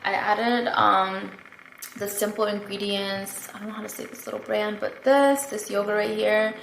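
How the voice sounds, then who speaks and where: A woman's voice: mid-range voice, steady tone, moderate pace, gravelly, a bit bright, a little hiss or hum. Young woman, vlogger, casual story-time chat, rambling with fillers, echoey room. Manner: chatty, rambling, lots of fillers and "like". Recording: echoey room, faint ambience.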